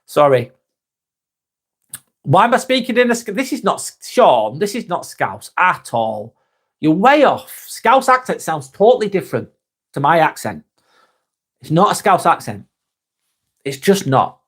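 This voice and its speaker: A man's voice: on the high side, very animated, measured pace, long pauses, fairly bright tone, slightly rough. A man with a Lancashire accent hosting a casual live vlog, talking bluntly, swearing freely and calling people mate. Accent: Lancashire English. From North West England. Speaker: live vlog host reading chat. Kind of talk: casual live-stream chat.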